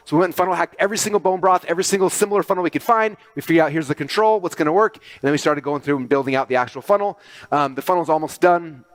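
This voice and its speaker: A middle-aged man giving an animated business talk to an audience, talking quickly and excitedly with many fillers and restarts. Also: on the high side, no room sound. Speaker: speaker presenting to an audience.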